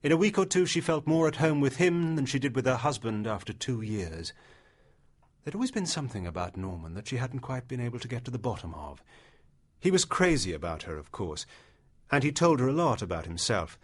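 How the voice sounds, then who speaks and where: A man's voice: mid-range voice, sing-song. Man reading a classic short story. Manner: measured, storytelling. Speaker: audiobook narrator. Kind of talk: literary audiobook narration.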